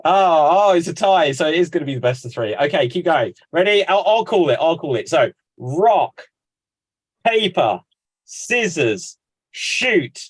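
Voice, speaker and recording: A man hosting an online improv game over a video call, brisk, playful and teasing. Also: a little high, lively intonation, slightly rough. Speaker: host.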